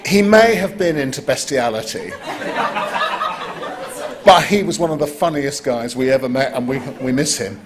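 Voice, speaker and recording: A man hosting a live competition, joking wryly and bursting into excited exclamations. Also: medium pitch, normal speed, long pauses, a crowd in the background. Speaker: competition host. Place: conference stage before an audience.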